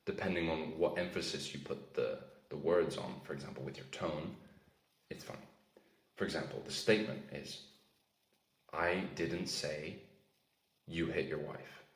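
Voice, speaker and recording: Very deep-voiced man coaching sales. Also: reverberant, rough recording. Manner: casual, repeats "right?" and "okay?" often. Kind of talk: instructional talk to camera.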